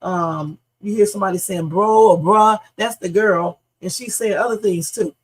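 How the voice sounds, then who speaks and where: A woman's voice: on the low side, normal speed, darkish tone, husky, rough recording. A woman streaming reaction commentary in a casual, blunt, opinionated way, often tossing in "okay?" and the odd swear word.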